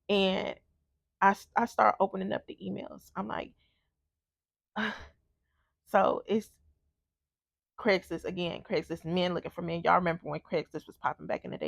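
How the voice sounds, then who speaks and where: A woman's voice: mid-range voice, vocal fry, fairly bright tone, dry recording, studio quality. A woman vlogger telling a personal story in a candid, blunt casual way, with frequent swearing.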